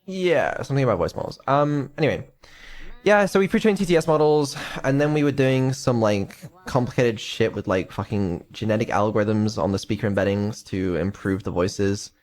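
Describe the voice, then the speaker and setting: A man's voice: lowish voice, normal speed, darkish tone. Hesitant man mumbling through a dev stream. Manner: mumbling, hesitant, many ums, dry sarcasm. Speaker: developer and streamer. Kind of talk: casual stream chat.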